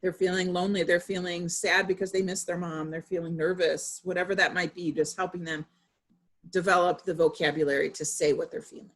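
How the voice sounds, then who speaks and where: A woman's voice: on the low side, fairly even intonation, a little fast. A woman in her thirties, a parent, giving a casual presentation to parents, chatty and full of personal examples. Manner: conversational, with frequent fillers and personal anecdotes.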